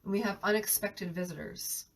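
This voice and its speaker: A woman's voice: mid-range voice, normal speed, recorded from a distance, a little hiss or hum. A woman with a cold giving an earnest live tarot reading, often restarting her sentences as she talks about what she senses. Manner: earnest, restarts often, speaks of sensing energies. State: has a cold, coughing. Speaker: tarot reader.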